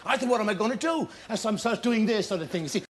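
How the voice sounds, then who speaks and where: A man, a talk show guest, telling lively anecdotes with laughter and acted-out scenes. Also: sits high, racing. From Ireland. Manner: storytelling with laughter, acting out scenes.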